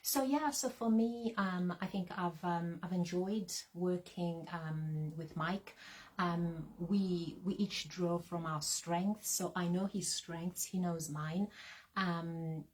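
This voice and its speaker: A woman with a slightly low voice, co-hosting a casual chat with her husband. She talks in an easy, unhurried way, pausing on little ums as she gathers her thoughts. Her tone stays conversational throughout. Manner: relaxed, chatty, with frequent ums and laughs. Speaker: co-host, business partner.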